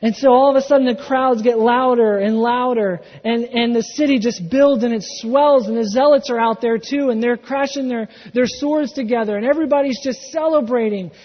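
A male pastor preaching a sermon, telling the story with animation and acting out the quotes, swinging from loud to hushed. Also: very high-pitched, normal speed, hardly any pauses. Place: church sanctuary. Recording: dull sound in a reverberant hall.

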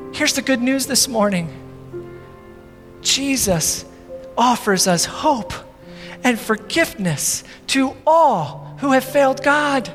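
High-voiced preacher in a reverberant hall. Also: male voice, fairly bright tone. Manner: dramatic, rhetorical questions, acts out scenes. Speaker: pastor. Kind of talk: sermon. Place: church.

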